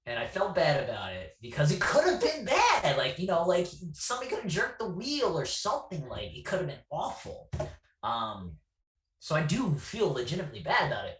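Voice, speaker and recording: A man guesting on a podcast, telling road stories in a lively, self-deprecating way. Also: a little high, a little fast, a little hiss or hum. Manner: self-deprecating, animated storyteller. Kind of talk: casual storytelling chat. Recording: echoey room, distant from mic.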